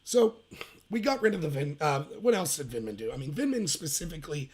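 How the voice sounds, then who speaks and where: A man's voice: fairly high pitch, very animated, brisk. A man hosting a livestreamed political commentary show, talking emphatically and rambling, sometimes mocking quotes in a put-on voice.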